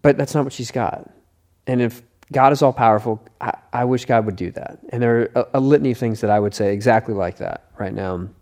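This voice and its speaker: A male author speaking as a guest in an easygoing interview. He tells stories earnestly, with a mid-range voice and an unhurried, thoughtful delivery. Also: medium pitch, darkish tone. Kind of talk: casual interview chat.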